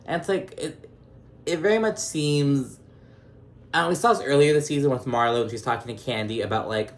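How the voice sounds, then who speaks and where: A young man recapping reality television in a loose, chatty vlog, swearing freely as he goes. His voice sits at a middling pitch for a man. He keeps breaking into brief mocking imitations of the people he is describing. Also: normal speed. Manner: chatty and profane, slips into mocking voices of cast members.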